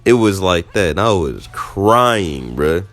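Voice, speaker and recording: Deep-voiced man telling a story. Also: slow. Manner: animated, slangy, jumps into high squeaky reenactments. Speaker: storytime vlogger. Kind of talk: casual storytelling.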